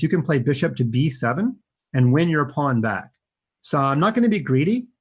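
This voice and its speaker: A man's voice: on the high side, breathy edge. A man commentating his own chess games live for kids, chatty and upbeat, thinking aloud as he plays. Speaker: chess coach and streamer.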